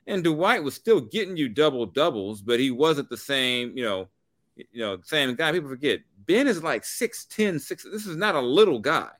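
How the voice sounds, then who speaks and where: A man co-hosting a sports talk show, rambling and animated, with many restarts. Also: medium pitch, dry recording. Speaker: sports radio co-host.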